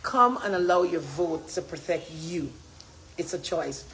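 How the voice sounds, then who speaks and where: A woman with a Guyanese accent, speaking passionately as a political campaigner on a livestream, often rising into loud, emphatic shouts. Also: fairly low pitch, measured pace, a little hiss or hum, poor audio.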